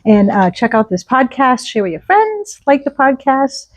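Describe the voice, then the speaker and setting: Higher-voiced woman hosting a podcast. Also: sing-song, dry recording. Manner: short rapid-fire questions and brief affirmations. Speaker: podcast host. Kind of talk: casual interview conversation.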